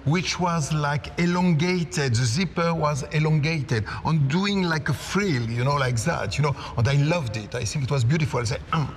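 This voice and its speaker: A man's voice: a little high, normal speed, hardly any pauses. Admiring, eager man talking fashion, recorded with hall reverb and faint noise. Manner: enthusiastic, admiring. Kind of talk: interview with a designer.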